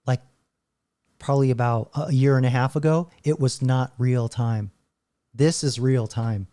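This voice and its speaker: Rambling male host, mellow voice, loose commentary. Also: mid-range voice, steady tone, a little slow. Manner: rambling, stop-start, laughing often. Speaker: channel host. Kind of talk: casual commentary while browsing videos.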